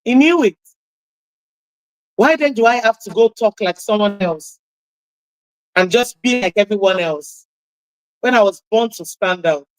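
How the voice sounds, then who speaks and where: A woman with a husky voice hosting a radio talk show, giving an impassioned motivational talk and repeating key phrases for emphasis. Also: mid-range voice, animated, a little slow, long pauses, no echo, rough recording.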